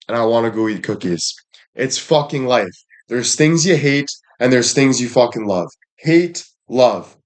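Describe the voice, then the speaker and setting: A young man ranting bluntly at his viewers with heavy swearing and repeated catchphrases. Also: mid-range voice. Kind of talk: profane rant to viewers.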